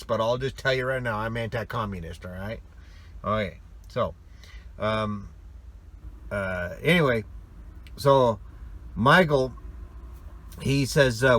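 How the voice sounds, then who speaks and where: Brief: middle-aged male ex-business owner, chatty, digressive storyteller, everyday mid pitch. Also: a bit bright. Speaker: former trucking company owner. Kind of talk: casual storytelling.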